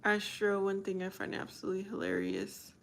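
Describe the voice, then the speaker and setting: A woman's voice: medium pitch, completely flat delivery, brisk. A woman hosting a casual livestream, chatting with viewers, reading their comments aloud and laughing often. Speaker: livestream host.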